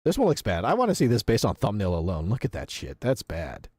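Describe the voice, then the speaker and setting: Excitable, swearing young man streamer. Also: medium pitch, a little fast, breathy edge. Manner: profane, excitable, laughs often. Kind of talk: casual livestream reaction commentary.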